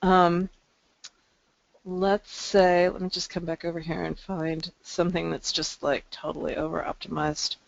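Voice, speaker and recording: A woman's voice: lowish voice, level tone, a little slow, gravelly, no room sound. Webinar presenter woman, explainy demo tone, dry muffled call audio. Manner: explanatory, frequent ums and restarts. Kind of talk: screen-share software demo.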